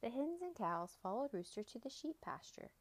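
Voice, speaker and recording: A woman's voice: a little high, big pitch swings, moderate pace. A woman hosting a children's story podcast, reading aloud cheerfully.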